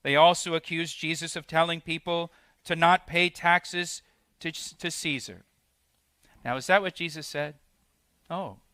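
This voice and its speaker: A male pastor preaching verse by verse, his voice bright and forceful and pitched a little high. The sound is close and dry, with no room echo. Now and then he leans into a quoted line, letting his voice rise in disbelief. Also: fairly even intonation, measured pace, pauses often, smooth. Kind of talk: expository sermon.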